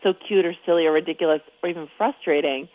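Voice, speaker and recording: A woman's voice: on the low side, fast talker, no echo, narrow, tinny audio. A woman guest on a radio talk show, losing her voice and a little crackly, explaining things chattily in long run-on stretches. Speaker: newspaper columnist guest. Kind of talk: casual radio chat.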